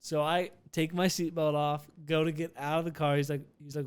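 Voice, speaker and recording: A young man hosting a podcast, telling a rambling, animated story with restarts and swearing. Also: a little high, fairly quick, clean tone. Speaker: podcast host. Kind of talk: casual storytelling.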